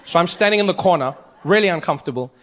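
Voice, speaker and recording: A man from Africa doing stand-up comedy, telling a story in an animated way and jumping into acted voices. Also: sits high, rapid-fire, in a large hall.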